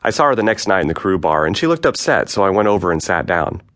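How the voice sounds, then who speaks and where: Reading his memoir aloud as an audiobook, the author speaks in a very low voice. His delivery is steady and relaxed, and he recounts events in a plain, candid manner.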